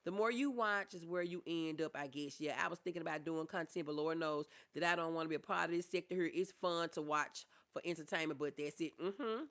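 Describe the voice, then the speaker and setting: A middle-aged woman on a casual livestream who reads viewer comments aloud, calls her viewers honey and y'all, and speaks openly and softly about grief. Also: deep voice, fairly quick, hardly any pauses. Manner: talks openly about grief, softening and trailing off.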